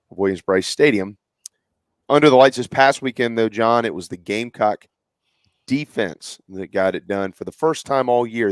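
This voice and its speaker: A man's voice: fairly low pitch, no echo, clean studio sound. A man with a Southern US accent hosting a sports talk show, chatting casually and reading out team news. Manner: chatty, reads news items in a loose way. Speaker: host.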